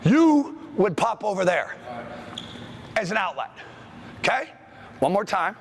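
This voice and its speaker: A man coaching basketball players through plays in a school gym, calling out brisk commands. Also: high-pitched, very animated, background noise. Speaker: basketball coach leading a clinic. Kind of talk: on-court coaching drill instruction.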